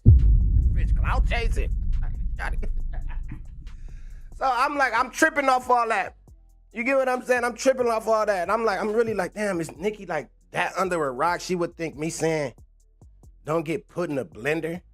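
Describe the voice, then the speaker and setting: A man's voice: high-pitched, moderate pace, a bit bright, soft background music. A young man, ranting casually on a livestream, slangy and laughing often. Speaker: livestream host.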